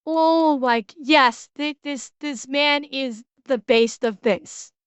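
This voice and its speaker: A woman's voice: high voice, takes it slowly, no echo. A young woman streaming, reacting to a video with short exclamations and laughs. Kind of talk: casual reaction commentary.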